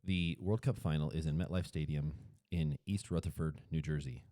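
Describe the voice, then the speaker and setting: Low-voiced, mellow man chatting casually. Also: moderate pace, dry recording, clean studio sound. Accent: Colorado. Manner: rambling, self-correcting, chuckles at himself. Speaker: podcast co-host. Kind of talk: casual chat.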